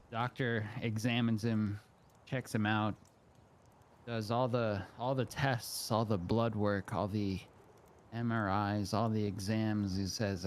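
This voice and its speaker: A male stream host telling a joke in a loose, rambling way, full of restarts. His voice sits on the low side, and a faint hum runs in the background. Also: fairly even intonation, slow pace.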